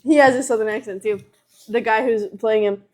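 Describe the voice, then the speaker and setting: A teenage girl chatting casually on a livestream, telling a story in an animated way with lots of filler words. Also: a little high, brisk.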